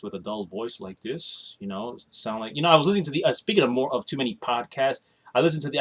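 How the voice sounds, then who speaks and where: This vlogger has a fairly high, fairly bright voice with a breathy edge. Worn out and blunt, he speaks directly to the camera from a small room at home, rambling and griping offhandedly.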